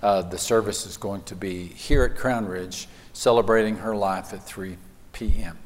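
A man's voice: on the low side, fairly even intonation, moderate pace, in a large hall. A man, a pastor preaching a sermon and telling folksy stories with hesitant fillers.

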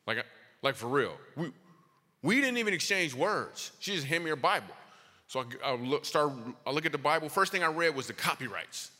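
Bright-voiced male comedian in a hall. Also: normal speed. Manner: animated, jumps high in pitch for punchlines. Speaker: stand-up comedian. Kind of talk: stand-up storytelling. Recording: long reverb of a hall.

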